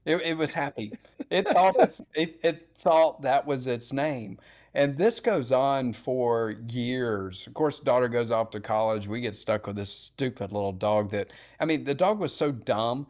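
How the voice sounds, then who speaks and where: A middle-aged man telling animated, blunt and profane stories in casual podcast chat. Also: medium pitch, measured pace.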